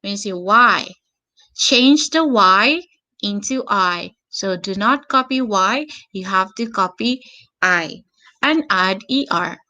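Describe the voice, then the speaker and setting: A woman teaching an online English grammar lesson, slow and patient, repeating words and spelling out endings. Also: mid-range voice, lively intonation, sharp tone, highs cut off.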